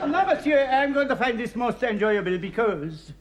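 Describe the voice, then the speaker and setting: A man's voice: very high voice, animated, normal speed. A man playing a boastful French musketeer in a sketch, with a put-on French accent and hammy, theatrical delivery that laughs at its own jokes. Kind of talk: 1970s TV sketch comedy. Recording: noisy old TV studio recording.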